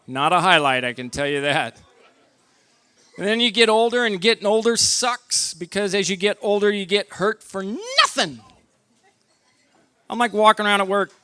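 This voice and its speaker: A middle-aged man doing a stand-up comedy set, telling his stories deadpan and acting out his own lines as he goes. His voice sits a little high for a man, bright and forceful. The sound is dry and close, straight into a stage mic. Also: normal speed, long pauses, clear, resonant tone, dry recording. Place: comedy night at a barbecue lounge.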